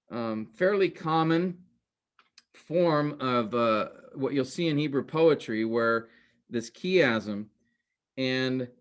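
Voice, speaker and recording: A man teaching a Bible class in a recorded lecture, explaining step by step and asking rhetorical questions. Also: a little high. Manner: explanatory, addresses class as guys and men; repeats points with rhetorical questions.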